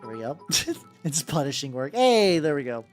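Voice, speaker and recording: Painting miniatures on stream, the VTuber keeps things loose: joking, wandering off-topic, restarting, and saying "like" a lot. Music runs in the background while the mid-range voice stays very animated at a moderate pace.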